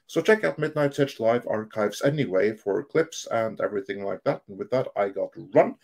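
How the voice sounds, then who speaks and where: A man co-hosting a live-streamed talk show, giving a quick, upbeat sign-off. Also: fairly low pitch, expressive, creaky, a little mellow. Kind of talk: casual live-stream chat.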